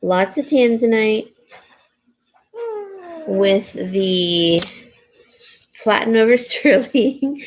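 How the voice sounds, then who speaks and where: A woman's voice: slow pace, long pauses. A woman hosting a live jewelry sale, chatting casually and answering viewer comments. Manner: coos in a high baby voice to her dog. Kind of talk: casual live-stream sales chat.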